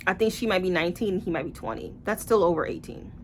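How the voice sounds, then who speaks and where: This book reviewer talks fast in a lowish voice, slight background noise behind her. She's animated, blunt, sarcastic and profane in her casual vlog, performing the voices of characters she quotes.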